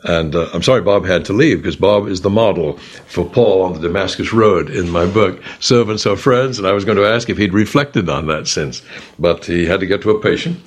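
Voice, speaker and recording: A man leading a Bible study discussion, retelling scripture with animated storytelling and acted-out voices. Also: deep voice, fairly quick. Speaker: author and discussion leader.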